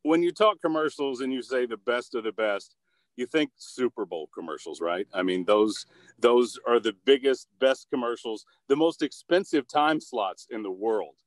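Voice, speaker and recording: A man's voice: mid-range voice, expressive, normal speed, no echo. An upbeat, goofy man talks about his voice-acting work in a casual interview. He stumbles through restarts and fillers with easy energy. His voice sits in a middle register on a dry, close recording. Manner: upbeat and goofy, with many fillers and repeated starts. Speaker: voice actor and commercial producer.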